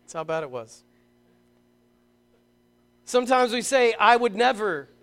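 Pastor, male, middle-aged, higher-pitched, lively sermon delivery with emphatic outbursts. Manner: animated storytelling, emphatic bursts, reads scripture slowly.

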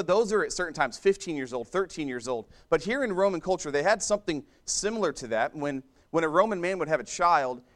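Pitched on the high side, this preacher delivers his sermon in a conversational style, often restarting or repeating phrases and tossing asides to the congregation.

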